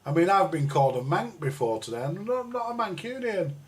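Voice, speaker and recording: A man's voice: high voice, expressive, quick pace. A middle-aged man, ranting and rambling bluntly on a live stream, full of swearing. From England. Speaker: livestream host. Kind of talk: casual ranting chat. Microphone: live stream microphone.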